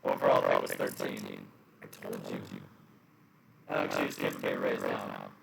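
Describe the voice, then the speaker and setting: Deep, gravelly man on a noisy call. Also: monotone, normal speed. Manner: joking, rambling banter. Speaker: league member and co-host. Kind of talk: casual live-stream chat.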